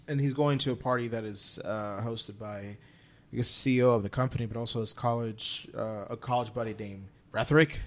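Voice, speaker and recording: A man co-hosting a movie podcast, chatting casually and halting often, repeating words. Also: mid-range voice, fairly even intonation. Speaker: podcast co-host. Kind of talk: casual chat about movies.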